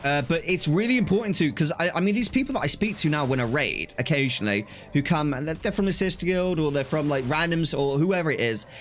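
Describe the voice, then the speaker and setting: A man's voice: fairly high pitch, a bit bright. A young man chatting casually on a live stream, telling stories animatedly, acting out quoted exchanges and laughing often.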